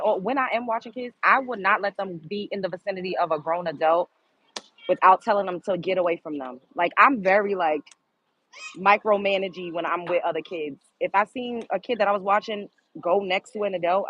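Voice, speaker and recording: A woman's voice: medium pitch, breathy edge, highs cut off. A woman hosting a live stream, chatting casually and exclaiming straight to her viewers. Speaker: livestream host.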